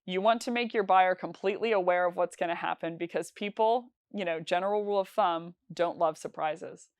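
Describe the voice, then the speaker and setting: A woman's voice: fairly low pitch, a little fast, no room sound. A woman teaching sales calls in a conversational, instructional talk, with frequent fillers and restarts. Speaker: sales trainer.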